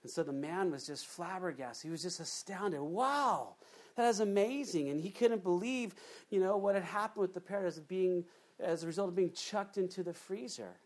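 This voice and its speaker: A man's voice: high voice, fairly quick. A man preaching a sermon, telling a joke story with frequent asides to the congregation. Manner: animated storytelling with asides to the audience. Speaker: pastor.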